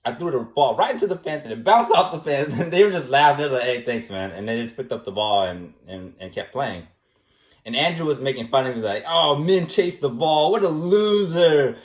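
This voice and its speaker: A man in a casual rambling monologue who shrugs things off in soft, dismissive replies. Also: mid-range voice, lively intonation, fast. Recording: roomy echo.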